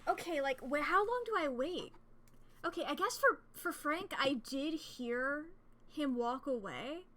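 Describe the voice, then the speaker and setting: A woman streaming a game, chatting casually and excitably, swearing freely and rambling as she plays at a home desk setup. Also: sits high, measured pace. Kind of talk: casual gameplay commentary.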